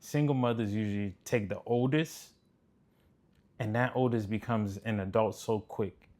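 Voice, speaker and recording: A man's voice: fairly low pitch, a little slow, a little mellow. A man giving blunt, preachy commentary on relationships, swearing freely as he reacts to clips. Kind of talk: casual commentary.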